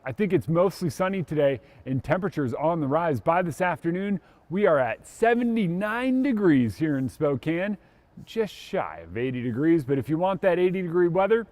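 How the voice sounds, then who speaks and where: A man delivers a morning TV weather forecast in an upbeat, chatty way. His voice sits fairly high and swings lively up and down. The sound is dry and close. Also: no echo. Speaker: meteorologist.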